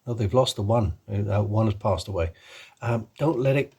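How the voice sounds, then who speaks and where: A man's voice: on the low side, moderate pace, a little mellow, breathy edge. A man hosting his own channel, chatting casually and enthusiastically, rambling with many ums and restarts. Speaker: channel host. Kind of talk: casual chat.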